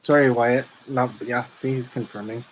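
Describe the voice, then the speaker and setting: A man hosting a casual podcast chat, relaxed, reading out viewer comments. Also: medium pitch, normal speed, a little hiss or hum, poor audio. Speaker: podcast host.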